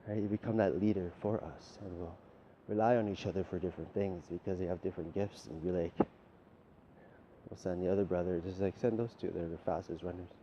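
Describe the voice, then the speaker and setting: A man's voice: low voice, fairly even intonation, fairly quick, noisy background. A man delivering a rambling, profane, lecturing monologue straight at the listener. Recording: dull lo-fi recording with faint ambience.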